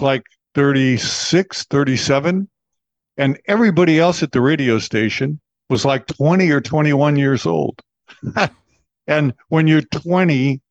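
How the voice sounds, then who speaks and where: A man's voice: medium pitch, no room sound. Man, 70s, American accent, disc jockey, chatty storyteller, dry dull-toned audio. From Texas, USA. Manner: chatty, laughs often, acts out quoted voices. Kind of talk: relaxed interview storytelling.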